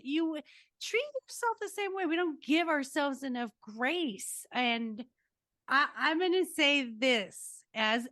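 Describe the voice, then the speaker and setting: A woman's voice: high voice, fairly bright tone, no echo, clean studio sound. An older woman hosting a podcast interview, giving earnest, emphatic parenting advice. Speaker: podcast host. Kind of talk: casual interview chat.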